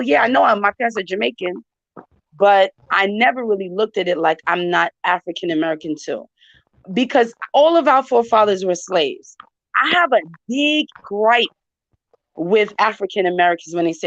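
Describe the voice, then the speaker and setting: A woman's voice: medium pitch, fairly bright tone, dry recording. A woman, talking emphatically and directly to her viewers in a casual chat. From New York. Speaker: channel host. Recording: dry, dull lo-fi sound.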